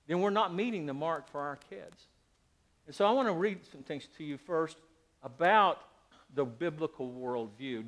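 A middle-aged male pastor preaching a sermon, animated, shifting between loud emphasis and quiet asides. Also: on the high side.

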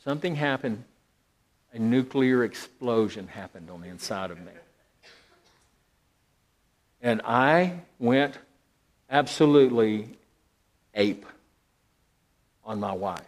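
A middle-aged man, a pastor, telling a personal story in a sermon, swinging dramatically between loud emphasis and hushed, near-whispered lines. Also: medium pitch, lively intonation, measured pace, pauses often.

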